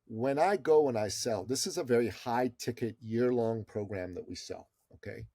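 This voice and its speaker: A man's voice: medium pitch, normal speed, mellow, dry recording, clean studio sound. A middle-aged man telling a story as an interview guest, in an emphatic, persuasive way. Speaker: podcast guest.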